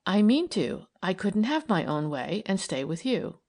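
A woman voicing a calm, kindly young woman detective who speaks gently and earnestly. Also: medium pitch, unhurried.

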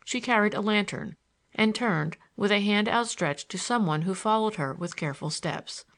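A woman narrating a novel in a measured, expressive reading. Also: mid-range voice. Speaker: audiobook narrator. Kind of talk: scripted narration.

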